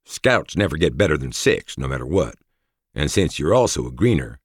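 An emphatic soldier who backs up his comrades, as a man reads him in an audiobook. The voice is lifted above a deep, husky base, with a lively pitch. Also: normal speed, no echo, studio quality, heavily acted. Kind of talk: audiobook character voice.

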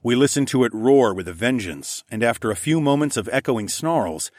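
A man narrating a first-person audiobook story in a steady, even storytelling manner. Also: medium pitch, moderate pace, no echo.

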